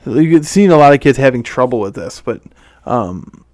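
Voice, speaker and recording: Podcast co-host, man, mid-pitch, smooth voice, casual movie recap with quoted lines, dry close sound. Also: animated, darkish tone, dry recording. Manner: retells scenes acting out the lines in quick quotes.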